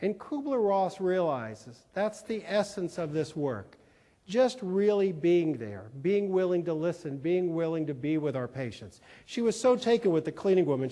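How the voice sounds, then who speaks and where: Keynote speaker, man, high voice, folksy humor, reverberant hall. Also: animated, normal speed, mellow. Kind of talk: storytelling conference talk. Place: large conference hall.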